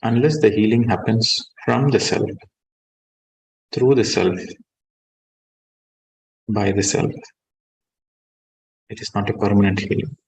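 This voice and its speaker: A man, a meditation teacher guiding a session and then giving a calm, measured spiritual talk that stresses key words. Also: on the low side, poor audio.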